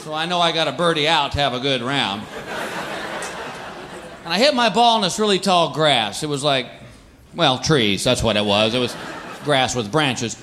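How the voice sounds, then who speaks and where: Animated stand-up comedian, bright voice. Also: male voice, fairly high pitch, moderate pace, long pauses, a little hiss or hum. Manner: animated storytelling, acts out characters, frequent laughter from crowd.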